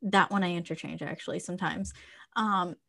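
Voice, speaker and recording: A woman's voice: on the low side, steady tone, fairly quick, gravelly, sharp tone. Irish woman, sweary podcast co-host. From Ireland. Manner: swears freely, ranting playfully. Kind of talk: casual chat.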